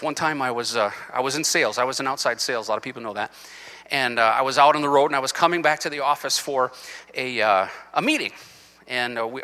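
A middle-aged male pastor preaching a sermon, telling a story with lively acted-out exchanges. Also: medium pitch. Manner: animated storytelling, acting out quoted exchanges. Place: church sanctuary. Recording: long hall reverb.

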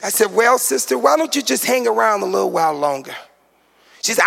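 A man in his forties preaching in a very high, bright, gravelly voice. He rises into sing-song shouted peaks and drops into funny asides. Long reverb from a large church hall hangs behind every phrase. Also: sing-song, fairly quick. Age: 40s. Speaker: pastor. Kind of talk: sermon.

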